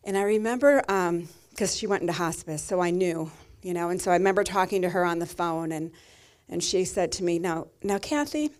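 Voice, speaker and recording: Soft-spoken woman pastor preaching. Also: on the low side, steady tone, a little fast, few pauses, clean tone. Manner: tender, personal storytelling, soft and emotional. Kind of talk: sermon.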